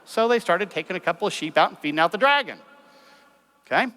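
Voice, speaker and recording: A man lecturing a live audience in an animated way, with many rhetorical questions. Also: sits high, fast. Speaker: speaker.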